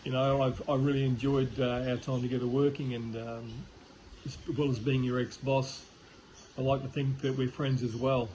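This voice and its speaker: An older man, a former boss, giving a relaxed, reflective birthday message with fillers. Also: mid-range voice, normal speed, a little hiss or hum, rough recording.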